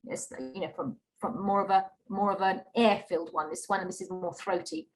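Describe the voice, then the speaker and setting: A woman teaches an online Qur'an reading class over a video call, her mid-range voice fairly even and a little fast. She is patient and repetitive, going over key points again and often checking in with "okay?".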